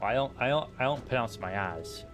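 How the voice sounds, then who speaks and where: A man's voice: medium pitch, fairly quick, over music. A man with a Boston accent, chatting casually and playfully while streaming a game. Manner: playful, bantering. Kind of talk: casual gameplay chat.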